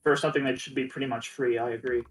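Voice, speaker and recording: A man's voice: medium pitch, little pitch movement, rapid-fire. A young man co-hosting a casual gaming stream, matter-of-fact with dry quips. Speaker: stream co-host. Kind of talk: casual gaming livestream chat.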